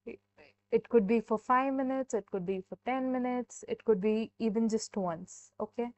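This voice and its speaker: A young woman gives a casual live-stream tarot reading, chatting in a relaxed way and filling her sentences with "like". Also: on the high side, moderate pace, dry recording. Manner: chatty, heavy use of "like" and fillers. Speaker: tarot reader. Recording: dull, dry sound.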